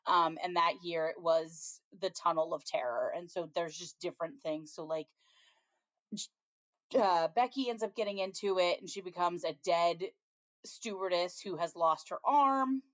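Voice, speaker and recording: A woman's voice: on the low side, unhurried, dry recording. A woman co-hosting a podcast, casually recapping a TV episode in a chatty way, with frequent ums and laughs as she retells scenes. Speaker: podcast co-host.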